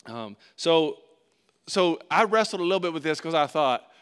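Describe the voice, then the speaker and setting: A man's voice: on the high side, lively intonation, moderate pace, fairly bright tone, clear, resonant tone. A man preaching as pastor in a conversational sermon, acting out God and Moses in short bits of dialogue.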